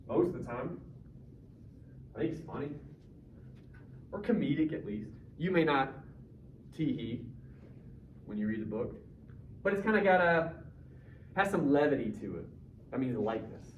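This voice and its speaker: A male high school English teacher with a slightly high voice and big pitch swings talks at normal speed, pausing often. He runs a casual, joking discussion and quizzes students. The audio is distant and roomy, dull, with faint noise.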